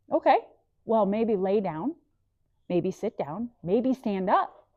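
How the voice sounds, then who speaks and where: A woman's voice: a little high, big pitch swings, unhurried, a little mellow, dry recording, lo-fi sound. A woman leading a guided breathing lesson, enthusiastic and encouraging, mixing body facts with faith, speaking into a clip-on mic. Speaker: breathwork instructor. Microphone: clip-on microphone.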